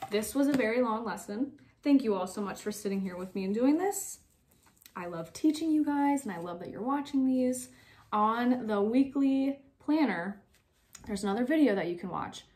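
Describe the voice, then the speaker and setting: A young woman teacher giving a recorded spelling lesson to young pupils, spelling words out slowly letter by letter and encouraging them. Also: mid-range voice, animated, a little mellow.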